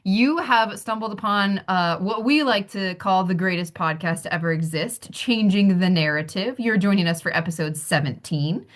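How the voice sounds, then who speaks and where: A woman's voice: mid-range voice, moderate pace, hardly any pauses. A woman co-hosting a podcast, opening it in a playful, upbeat casual chat. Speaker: podcast co-host.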